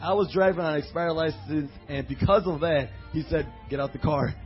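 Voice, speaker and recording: A pastor delivers a sermon with storytelling, his voice on the higher side and his manner animated. He reads scripture slowly, then drifts into personal stories packed with fillers and acted-out voices, on a dull, lo-fi recording with faint music underneath.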